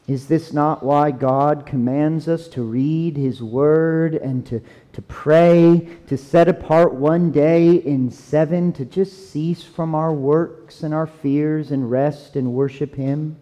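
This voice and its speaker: A man delivers a sermon in a high, measured voice, leaning into key words and letting some fall almost to a hush. He takes his time over every phrase. The sound carries a long reverb, as if from a church sanctuary. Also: steady tone. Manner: earnest, emphatic, with dramatic slowdowns and drops to near quiet. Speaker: preacher.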